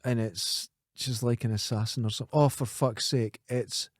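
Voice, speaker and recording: A man with a Scottish accent co-hosting a casual podcast, blunt and jokey and quick to mock. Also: mid-range voice, steady tone, dry recording, clean studio sound. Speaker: podcast co-host.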